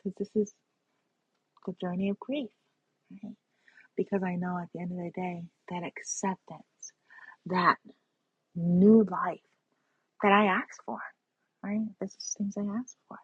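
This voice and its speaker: A woman's voice: fairly low pitch, steady tone, measured pace, long pauses, slightly rough, dry recording. A woman giving an earnest, spiritual personal monologue, often checking in with "right?" and "you know". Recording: dull lo-fi sound.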